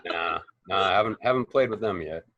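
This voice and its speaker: A man's voice: low-pitched, brisk, lo-fi sound, heavy background noise. A man, an actor telling rambling, profane stories in a casual interview. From Boston, United States. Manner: animated, profane, rambling storyteller. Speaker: actor guest.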